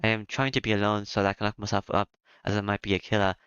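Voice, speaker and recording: Low-voiced man reading a game aloud. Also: completely flat delivery, a bit bright, clean tone, no room sound. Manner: halting read with fillers. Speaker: game narrator. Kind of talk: reading a visual novel aloud. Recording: dull lo-fi with music behind.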